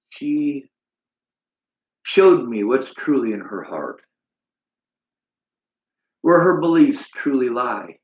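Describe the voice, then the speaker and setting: In a dull, roomy lo-fi recording, a man running a livestream vents bitterly in a lecturing tone and reads viewer comments aloud. His voice is mid-range with a somewhat dark tone.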